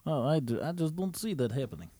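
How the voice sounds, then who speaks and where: A man's voice: fairly high pitch, big pitch swings, fast, dark tone. A man playing a blunt, stubborn Russian man in a comedy sketch, with a put-on Russian accent and clipped broken English. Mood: stubborn, puzzled.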